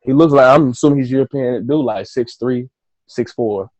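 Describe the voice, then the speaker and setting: A man guest on a podcast, telling a story in a casual, animated way, swearing freely and acting out his own reactions. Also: medium pitch, moderate pace, no echo.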